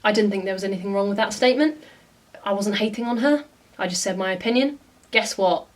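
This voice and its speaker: A woman's voice: mid-range voice, fairly quick, far from the mic. A woman vlogger giving casual reaction commentary, blunt and exasperated, often swearing.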